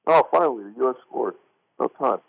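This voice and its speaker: A creaky, mid-range male voice with lively intonation and a quick pace co-hosts an easygoing sports radio talk show, heard on a tinny phone line. He rambles with lots of restarts and "like", and laughs a lot.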